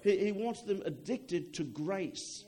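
A man's voice: high voice, expressive, slow, mellow. A young adult man preaching a sermon in a conversational way, often checking in with "okay?" and repeating words as he goes.

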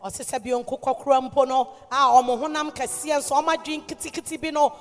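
High-voiced church interpreter. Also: steady tone, brisk. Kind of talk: sermon interpretation. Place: church hall. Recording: reverberant church hall with music.

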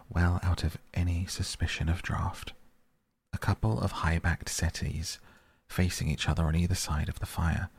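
Gravelly low-voiced male storyteller. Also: a little mellow. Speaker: audiobook narrator. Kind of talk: storybook narration.

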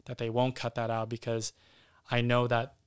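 Male podcast guest, mid-pitched and smooth, candid and loose. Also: monotone, normal speed. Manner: candid, casually profane. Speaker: guest actor. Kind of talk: casual podcast interview.

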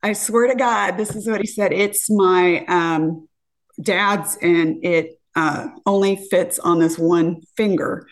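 A woman in her fifties telling a dating story in casual chat, acting out what people said with lively jumps in pitch. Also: takes it slowly. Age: 50s. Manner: animated, acts out quotes with lively pitch jumps. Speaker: podcast guest.

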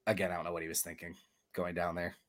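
A man's voice: sits low, completely flat delivery, fast talker. A man hosting a casual sports podcast, chatty and joking, laughing often as he talks. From Michigan. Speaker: podcast host.

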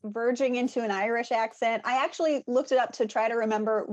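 A woman's voice: on the high side, fairly even intonation, fairly quick. Chatty woman on a movie podcast. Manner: inquisitive, talkative. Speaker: podcast co-host. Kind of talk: casual movie review chat.

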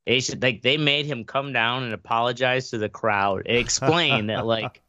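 A man's voice: medium pitch, pushed and bright. Rambling man telling a story, lo-fi. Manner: rambling storyteller, halting with many fillers. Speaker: podcast co-host. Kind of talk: casual chat.

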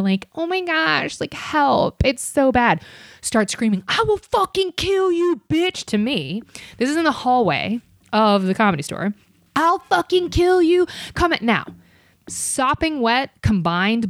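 Animated, profane woman telling a story. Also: medium pitch, no room sound, clean studio sound. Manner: animated, profane, acts out others' voices. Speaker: comedian and podcast guest. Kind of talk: casual storytelling on a podcast.

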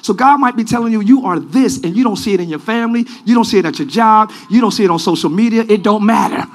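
A man preaching a live church sermon, leading the congregation in call-and-response and often shouting. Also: high voice, fast. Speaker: pastor. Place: large church sanctuary.

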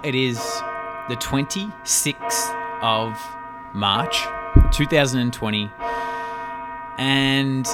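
A young man hosting his own podcast, talking casually in a rambling, chatty way and often laughing. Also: mid-range voice. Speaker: podcast host. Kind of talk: casual solo podcast talk.

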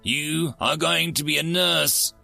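A man's voice: on the high side, fairly even intonation, slow pace, vocal fry, pushed and bright, soft background music, voice pushed up, exaggerated voice. A man voicing a young, blunt male bat-like soldier who is openly skeptical, in a storybook reading. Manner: blunt, incredulous.

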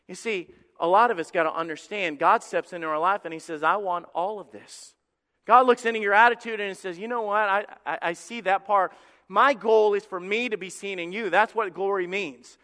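High-voiced preaching man in a hall. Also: normal speed, bright, forceful tone. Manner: preaching with dramatic shifts in volume, acting out God's voice. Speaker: pastor. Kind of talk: sermon. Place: church sanctuary with congregation. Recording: reverberant hall.

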